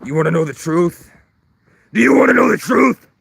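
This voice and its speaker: A man putting on a raging, self-crowned king of the north, shouting accusations at full volume. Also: medium pitch, normal speed, creaky. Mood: furious.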